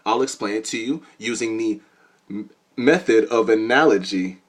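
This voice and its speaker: A young man voicing a calm female hypersphere who patiently explains dimensions in a matter-of-fact way. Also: fairly low pitch, normal speed, voice pushed down, close to an everyday voice.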